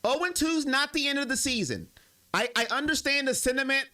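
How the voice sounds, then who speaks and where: A man's voice: very high-pitched, brisk, bright, forceful tone. A young man hosting a sports live stream, chatting casually and emotionally with his viewers. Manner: emotional, talks straight to his chat.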